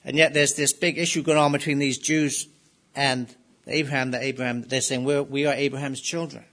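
A man's voice: mid-range voice, flat delivery, brisk. Man preaching an emphatic sermon. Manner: emphatic, rising to loud stresses on key phrases; asks rhetorical questions to listeners. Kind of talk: expository sermon.

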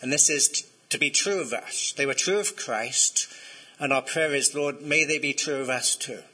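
Bright, husky-voiced male preacher. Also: medium pitch, moderate pace, low-quality recording. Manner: conversational, asks the congregation to respond. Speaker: pastor. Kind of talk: sermon.

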